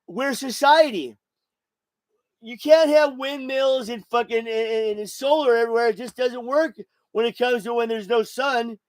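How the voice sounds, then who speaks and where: Poor audio with no echo carries an extremely high male voice moving at normal speed. The speaker, a podcast host in his sixties, is drunk and delivers a casual, rambling monologue full of swearing and repetition.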